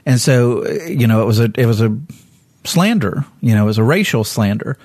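A man teaching a Bible passage in a conversational sermon. He is candid, corrects himself as he goes, and acts out the people in the story with sudden jumps in pitch. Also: lively intonation, normal speed, darkish tone, dry recording, studio quality. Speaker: preacher.

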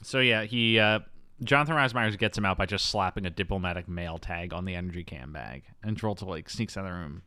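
A man co-hosting a casual podcast, recapping a film in an animated, storytelling way with frequent laughter. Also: low voice, fast talker, no room sound. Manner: animated storytelling, acts out quoted lines with silly voices; laughs often. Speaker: podcast co-host. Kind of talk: casual chat.

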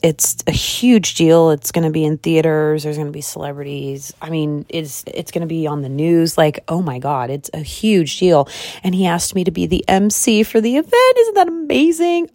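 A woman in her thirties hosting a podcast, chatting candidly and excitably, tired and hungry, swearing freely. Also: sits low, no room sound, studio quality. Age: 30s. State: tired and calorie deprived. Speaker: podcast host. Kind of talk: casual personal chat. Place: car or bed at home.

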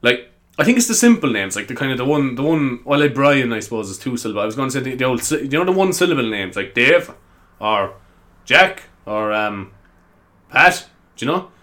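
A young Irish man rambles through his own podcast, losing focus and breaking into giggles. His voice is bright and his pitch swings widely as he talks. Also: very animated, fairly quick. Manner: rambling, giggly, easily sidetracked. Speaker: podcast host. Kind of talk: casual solo podcast chat.

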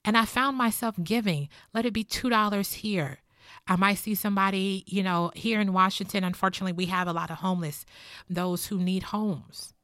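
A woman's voice: mid-range voice, steady tone, brisk, fairly bright tone, dry recording, studio quality. Earnest woman giving a devotional talk. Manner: earnest, heartfelt, personal. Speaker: Christian teacher. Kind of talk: devotional teaching and prayer.

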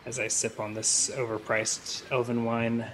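A man plays his character in a tabletop game, casual and hesitant, with dry jokes. His voice is bright and forward over a faint hiss. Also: mid-range voice, level tone, unhurried. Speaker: player.

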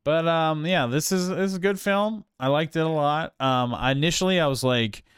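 Rambling casual man, smooth dry voice. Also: a little high, normal speed, a bit bright, no room sound. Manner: rambling, many fillers and restarts. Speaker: podcast co-host. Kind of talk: casual film review chat.

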